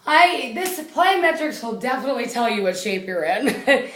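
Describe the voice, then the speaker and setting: A woman's voice: a little high, big pitch swings, normal speed, far from the mic. Breathless woman fitness instructor, echoey room. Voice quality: loud voice. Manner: chatty, counting reps, laughing at herself. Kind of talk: home workout instruction. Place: small indoor room.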